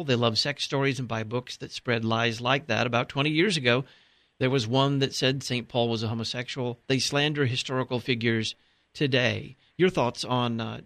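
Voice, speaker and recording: A man hosting a radio call-in show from the studio, with clear, measured announcing. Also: mid-range voice, a bit bright, no room sound. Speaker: radio talk show host. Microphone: studio microphone.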